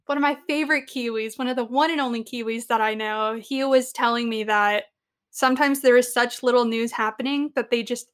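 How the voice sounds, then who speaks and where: A woman's voice: a little high, fairly bright tone, smooth. A woman hosting a casual interview podcast, chatty and playful. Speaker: podcast host.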